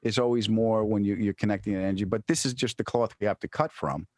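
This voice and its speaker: A man, a comedian and actor, telling a story in casual chat and acting out his friend's panicked voice in high shouts. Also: fairly even intonation, fast, no echo, studio quality.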